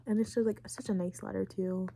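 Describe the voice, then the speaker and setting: A woman's voice: medium pitch, level tone, normal speed, gravelly, breathy edge. A young woman hosting a podcast, rambling through a casual recap with lots of fillers and plenty of feeling. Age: late teens. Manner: rambling, heavy on fillers, emotional about the story. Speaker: podcast host.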